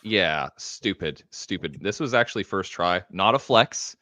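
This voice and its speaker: A man guesting on a casual live stream, with a bright, sharp-edged voice recorded close and dry. He talks laid-back and loose, swears casually, and often trails off into quieter mumbles. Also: deep voice, expressive, unhurried, dry recording.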